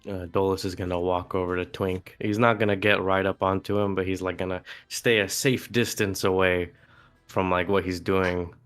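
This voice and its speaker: Male player, very low voice, hesitant, faint music behind. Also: flat delivery, moderate pace, fairly bright tone, clean tone. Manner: hesitant, lots of fillers. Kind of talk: tabletop game chat.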